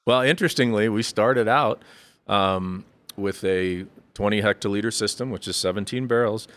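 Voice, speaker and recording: Here the brewery guest talks at a moderate pace in a fairly low, somewhat bright voice. His explanations wander thoughtfully, he frequently corrects himself, and his voice rises whenever he cracks a joke.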